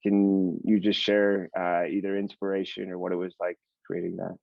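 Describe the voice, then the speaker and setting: A man hosting an interview, talking casually with halting restarts and praise for the guest's work. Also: deep voice, little pitch movement, creaky, dry recording. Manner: warm, complimentary, halting restarts. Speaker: podcast host. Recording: dull dry lo-fi sound.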